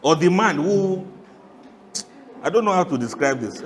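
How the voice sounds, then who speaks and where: A man giving a lively, humorous sermon, often laughing and asking the audience questions. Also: high voice, unhurried, pauses often, in a large hall. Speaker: Islamic preacher.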